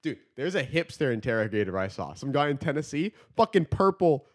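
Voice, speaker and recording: A man chats casually into a podcast microphone with a mid-range voice. He talks in slang, swears freely, laughs often and gets animated whenever he tells a story. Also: mid-range voice, brisk. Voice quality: slangy and profane, laughs often, animated when telling stories. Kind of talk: casual chat. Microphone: studio microphone.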